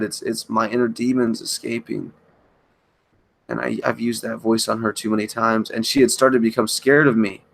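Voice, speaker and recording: A man at home giving a halting, emotional confessional monologue on a livestream, often restarting his sentences. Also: medium pitch, vocal fry, a bit bright. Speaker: channel host. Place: at home by a kitchen counter.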